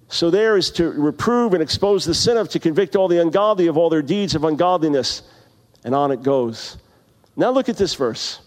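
A man around sixty preaching a sermon, telling stories and then reading scripture slowly with heavy emphasis. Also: high-pitched. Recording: long reverb of a large hall.

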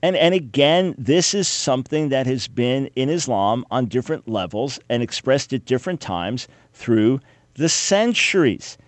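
A male radio host talks through an opinionated monologue, his pitch rising and falling widely as he pushes his points. He turns sarcastic and quizzes his listeners with mock riddles. The sound is close and dry, with no room around it. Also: lively intonation, a little slow, no echo. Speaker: radio talk show host.

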